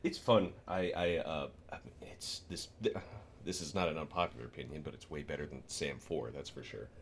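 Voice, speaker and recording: A man co-hosting a podcast in casual chat, animated and laughing often as he tells stories. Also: very deep voice, normal speed, creaky, slight background noise. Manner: animated, laughs often, storytelling with bursts of excitement. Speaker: podcast co-host.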